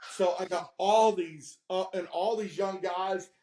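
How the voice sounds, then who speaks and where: An animated man in his fifties talks as a podcast guest in a fairly high voice. He tells candid stories, laughs at himself, then turns preachy with advice. The room rings with a noticeable echo. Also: a little slow. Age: 50s.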